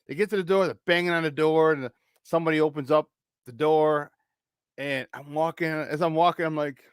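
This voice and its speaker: A man's voice: on the high side, moderate pace, long pauses, smooth, dry recording, studio quality. A man co-hosting a morning sports talk show, telling a story in casual chat and acting out the people in it. He swears casually and restarts his sentences often.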